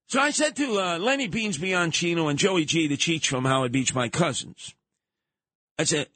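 An older man, hosting a radio talk show and telling lively stories from his youth, with occasional shouting. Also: on the high side. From New York. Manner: animated, colorful storytelling with bursts of shouting. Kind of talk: storytelling monologue.

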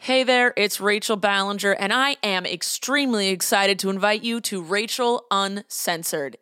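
A woman's voice: mid-range voice, pushed and bright, no room sound, clean studio sound. A woman reading a scripted, upbeat promo for her podcast. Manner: upbeat, polished delivery. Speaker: podcast host.

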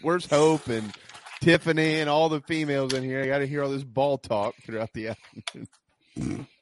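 A man's voice: mid-range voice, fairly even intonation, normal speed, slight background noise. A man hosting a sports talk show, teasing his co-hosts wryly and plugging events. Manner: wry, exasperated teasing. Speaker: radio show host.

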